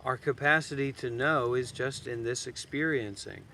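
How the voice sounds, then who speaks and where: A man's voice: medium pitch, moderate pace. A man teaching meditation outdoors in a blunt, teasing way. His voice sits in a middle register, and a faint hiss of outdoor noise runs underneath. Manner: blunt, teasing, suddenly loud then soft. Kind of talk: dharma talk. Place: outdoors in a graveyard.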